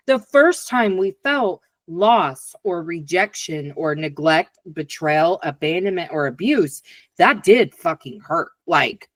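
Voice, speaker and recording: A woman's voice: on the low side, no room sound. A woman in her forties hosting a podcast, talking candidly and acting out her own inner voices in casual conversation. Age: 40s. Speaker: podcast host.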